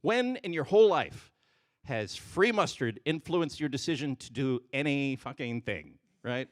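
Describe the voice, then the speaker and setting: A man doing a stand-up comedy set on a stage microphone, jumping between loud punchlines and muttered asides. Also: medium pitch, expressive, measured pace, no room sound.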